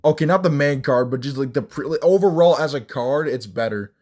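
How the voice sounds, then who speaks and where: Brisk and medium in pitch with a darkish tone, this young MMA vlogger rants about fights with blunt mockery. His commentary rambles, and he frequently stops and starts over.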